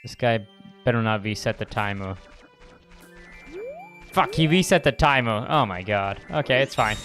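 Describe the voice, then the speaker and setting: A man's voice: mid-range voice, lively intonation, normal speed, fairly bright tone, faint music behind. A man chatting casually as a streamer while playing a game, joking and chatty with bits of mock outrage. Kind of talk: casual gameplay commentary.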